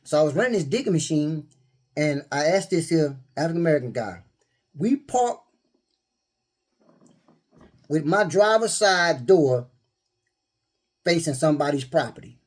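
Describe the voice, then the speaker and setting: A spiritual vlogger with a somewhat high voice speaks at a measured pace, pausing often. He tells everyday stories and quotes scripture in a casual, preachy style, laughing and animated throughout.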